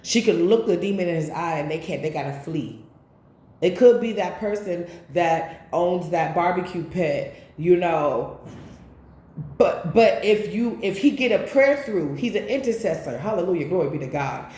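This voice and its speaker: Female tarot reader, casual and preachy, mellow tone, roomy echo. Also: fairly low pitch, normal speed. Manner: rambling, animated, preachy asides. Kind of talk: casual spiritual tarot reading.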